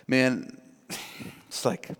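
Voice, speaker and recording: A man's voice: drawn-out words, fairly bright tone, in a large hall. A man preaching a sermon as pastor, earnest and emphatic, repeating his key lines for the congregation.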